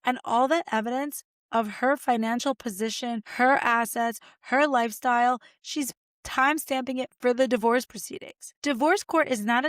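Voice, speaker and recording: A woman lawyer hosting a podcast, giving chatty, expressive legal commentary and talking straight to her listeners. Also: fairly high pitch, moderate pace, dry recording, studio quality.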